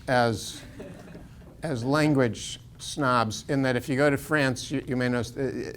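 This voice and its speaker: Chatty American professor digressing. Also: male voice, mid-range voice, a bit bright, a little hiss or hum. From United States. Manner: digressive, chuckling, many restarts. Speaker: university professor. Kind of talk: casual lecture.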